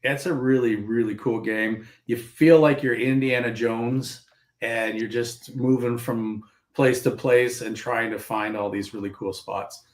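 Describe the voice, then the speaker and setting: A man's voice: mid-range voice, fairly even intonation, unhurried. A Canadian man chatting casually and eagerly on a live show, rambling with fillers. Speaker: panelist on a live whiskey and board game show. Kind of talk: casual chat. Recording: roomy echo.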